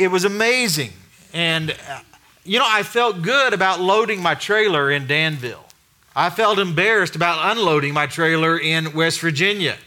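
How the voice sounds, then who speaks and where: Man, pastor, sermon, high voice, very bright and forceful, chatty, rhetorical questions. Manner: conversational preaching with rhetorical questions, dropping quiet for emphasis.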